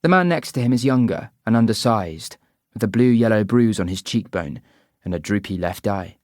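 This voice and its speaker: A man reading a first-person audiobook narration in an even, measured way. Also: on the low side, no room sound, clean studio sound.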